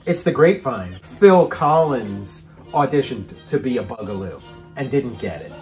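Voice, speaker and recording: Middle-aged male podcast host, casual rambling chat, mid pitch. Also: expressive, unhurried, faint music behind. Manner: rambling, restarts, many fillers.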